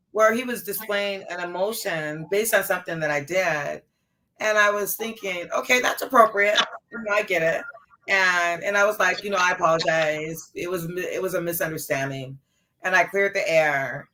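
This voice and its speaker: A middle-aged woman co-hosting a casual chat show, telling stories in an animated way and acting out the dialogue. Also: on the low side, moderate pace, slight background noise, poor audio. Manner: animated storyteller, acts out dialogue. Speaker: co-host.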